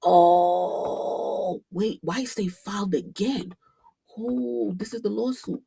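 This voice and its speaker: A woman hosting a casual commentary livestream, animated and swearing freely, with AAVE speech and frequent fillers. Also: mid-range voice, a little slow, gravelly, husky, dry recording. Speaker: livestream host.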